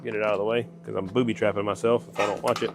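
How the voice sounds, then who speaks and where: Rapid-fire and gravelly, a Southern US man talks himself through each step in his workshop in casual narration. His lowish voice shows little pitch movement, and the background is noisy.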